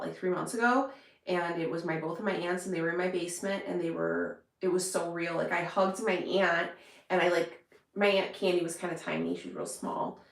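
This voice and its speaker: Lady vlogging to camera, kinda low voice, talks in loose run-ons. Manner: rambling, chatty, many fillers and restarts. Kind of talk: casual chat to camera. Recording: echoey room.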